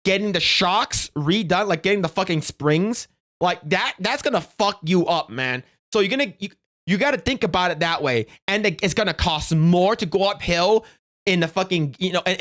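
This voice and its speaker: A man's voice: high-pitched, lively intonation, a little fast, fairly bright tone. A young man streaming, giving casual reaction commentary in a profane, rambling way with many restarts.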